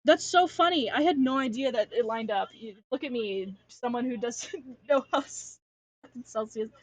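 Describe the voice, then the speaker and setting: A woman's voice: a little high, moderate pace, dry recording. A young woman from Alaska rambling casually on a livestream, slangy, self-deprecating and swearing freely, speaking at home at her computer. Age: young adult. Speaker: streamer. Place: home room.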